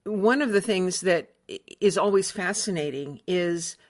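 A woman's voice: lowish voice, measured pace. A woman from Michigan's Upper Peninsula hosting an interview and asking chatty, curious questions. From Upper Peninsula of Michigan, USA. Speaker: interview host. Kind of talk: casual interview.

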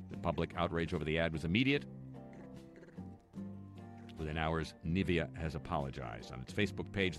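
Host, male, very low voice, sardonic news commentary with dry asides, music underneath. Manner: dry, sarcastic asides between read-out news items. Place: home near a lake, voice-over.

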